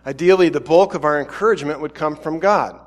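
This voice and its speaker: Chatty preacher with hall echo. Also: male voice, a little high, a little fast. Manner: casual, chatty, self-deprecating, with many fillers. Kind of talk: sermon.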